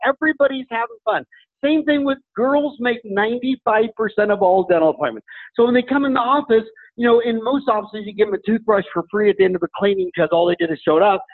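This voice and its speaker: High-voiced man on a tinny line. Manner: animated, acts out dialogue with patients. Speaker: dentist, podcast guest. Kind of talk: energetic storytelling interview talk. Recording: tinny phone-like audio.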